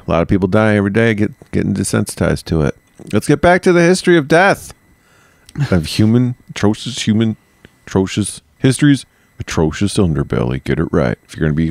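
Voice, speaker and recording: A man's voice: low-pitched, gravelly, darkish tone, no echo. A man co-hosting a podcast in casual comedic chat, rambling, joking and swearing freely. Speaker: podcast co-host.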